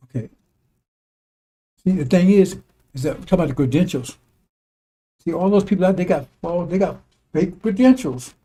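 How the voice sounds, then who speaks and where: A religious commentator delivers an informal, conversational sermon, hammering his points home with repeated "see?" and "right?" asides. His voice is slightly high with a warm tone, and his delivery is repetitive and emphatic.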